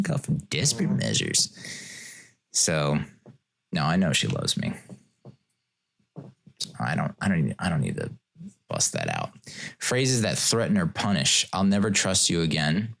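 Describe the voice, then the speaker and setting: A man's voice: low voice, huge pitch swings, unhurried, gravelly, pauses often, fairly bright tone, slightly rough. A man hosting a casual solo podcast, rambling and joking, often chuckling as he talks. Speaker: podcast host.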